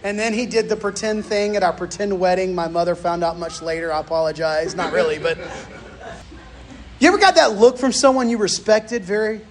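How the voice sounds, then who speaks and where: High-voiced storytelling pastor, folksy. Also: male voice, fairly quick. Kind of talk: sermon with personal stories.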